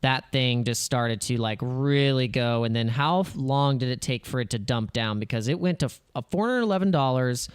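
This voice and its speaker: Excitable crypto guy rambling over charts, clean smooth voice, super dry sound. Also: mid-range voice, moderate pace, hardly any pauses, dry recording. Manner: excitable, acts out panicked investor voices. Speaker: crypto channel host. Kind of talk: casual chart commentary.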